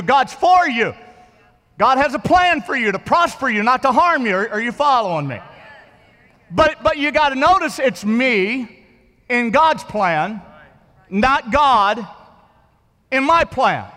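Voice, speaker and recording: High-voiced man preaching in an echoing church. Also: pushed and bright. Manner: conversational, repeats words and checks in with listeners. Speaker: pastor. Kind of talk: sermon.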